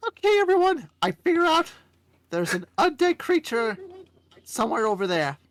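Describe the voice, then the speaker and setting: A man playing a fussy adventurer with a squeaky, high put-on voice, and his pitch leaps around a lot. The voice is dry and close. He sounds stern about the party's orders. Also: big pitch swings, moderate pace, fairly bright tone, dry recording, exaggerated voice. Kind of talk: tabletop role-play over voice chat.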